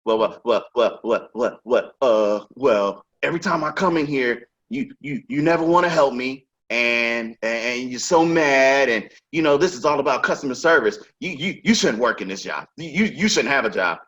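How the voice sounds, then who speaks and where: A man's voice: medium pitch, lively intonation, normal speed, hardly any pauses, fairly bright tone, close to an everyday voice. A man quoting an agitated male customer, stammering and pleading as he retells a dispute. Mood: whining. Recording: dull lo-fi sound.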